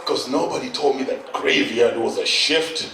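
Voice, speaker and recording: A middle-aged Kenyan man doing stand-up storytelling, animated, acting out voices and bursting into shouts. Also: mid-range voice, moderate pace, distant mic. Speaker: stand-up comedian. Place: event hall on stage. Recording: echoey hall, mic from afar, noisy.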